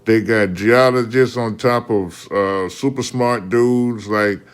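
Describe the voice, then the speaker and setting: A man telling a casual story in an animated, slangy way, often restarting mid-sentence and tossing in "man.". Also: on the low side, slow pace, clear, resonant tone.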